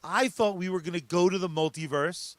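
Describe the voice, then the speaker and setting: Man, podcast host, high voice, bright tone, dry close sound, excitable cursing. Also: fairly quick, no echo. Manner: profane, excitable riffing. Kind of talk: casual chat.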